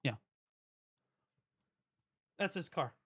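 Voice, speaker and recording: A man streaming live in a casual, profane rant, jumping from loud outbursts to low mutters. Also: drawn-out words.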